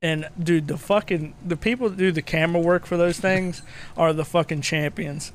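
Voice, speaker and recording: A man's voice: fairly high pitch, normal speed, slight background noise. Profane, laughing young guy on a gaming podcast. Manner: profane, laughing, animated storytelling. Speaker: podcast co-host. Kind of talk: casual gaming chat.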